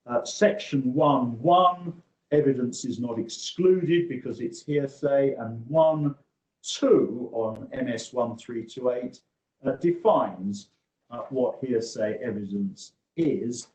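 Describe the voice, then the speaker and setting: A male barrister making formal courtroom submissions over a video call, measured and hesitant, pausing often on "uh". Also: mid-range voice, a little mellow. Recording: echoey room over video link.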